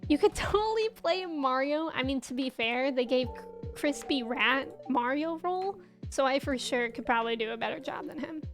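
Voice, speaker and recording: A woman's voice: high voice, animated, moderate pace. A young woman streaming a farming game, chatting casually, giggling and greeting her viewers as she plays. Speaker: livestreamer. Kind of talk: casual chat while playing a game. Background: faint game music.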